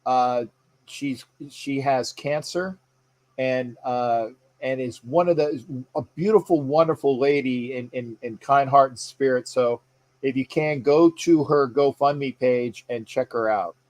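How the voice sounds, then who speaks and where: A man hosts a casual live sports stream, rambling and chatting while he reads viewer comments aloud, often using fillers and restarting sentences. His mid-range voice is a little mellow and his pace measured.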